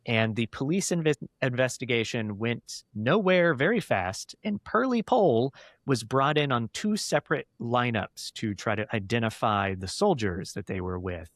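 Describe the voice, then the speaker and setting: A man's voice: mid-range voice, dry recording. Dry-voiced male podcast host. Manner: recounts cases in detail, animated, quick to laugh. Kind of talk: podcast chat, storytelling.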